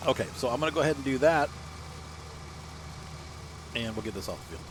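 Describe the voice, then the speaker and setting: A man's voice: mid-range voice, lively intonation, fairly quick, background noise. A man giving casual, self-mocking commentary while playing a farming game, chatting and laughing at his own mistakes. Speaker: let's play host.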